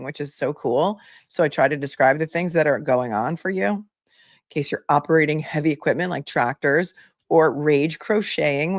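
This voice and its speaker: A woman's voice: sits low, no echo, studio quality. Chatty woman livestream host. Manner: chatty, reads viewer comments aloud. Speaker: legal commentary livestream host. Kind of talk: casual livestream chat.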